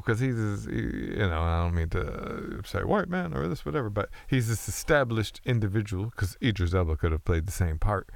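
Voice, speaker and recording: A man's voice: fairly low pitch, creaky, dry recording. A man hosting a casual chat, telling loose, profane, rambling stories with frequent restarts.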